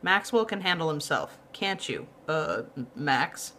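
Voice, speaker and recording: A woman doing a stern, gruff old grandfather. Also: low voice, big pitch swings, unhurried, bright, forceful tone, slight background noise, exaggerated voice. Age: older. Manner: stern, dry, impatient.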